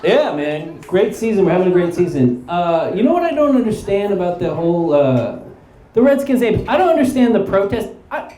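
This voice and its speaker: A man doing a stand-up comedy set, telling a story in an animated way and laughing through his lines. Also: sits high, normal speed. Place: live comedy stage. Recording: roomy live venue with crowd. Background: audience laughter.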